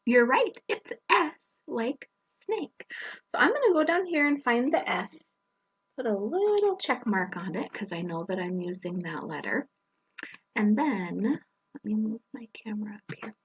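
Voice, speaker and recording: A woman teaching young children phonics, gently sounding out letters and words and encouraging them as she works through a worksheet. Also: fairly high pitch, sing-song, measured pace, slightly rough, lo-fi sound. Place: indoors at a table, camera on her worksheet.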